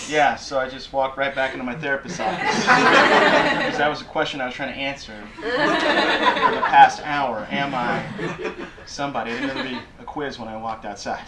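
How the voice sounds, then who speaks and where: A man's voice: medium pitch, huge pitch swings, unhurried, pauses often, a loud crowd. A man doing a stand-up comedy set in a small community center, talking in a hesitant, self-deprecating way full of fillers. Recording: roomy hall with loud background noise. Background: audience laughter.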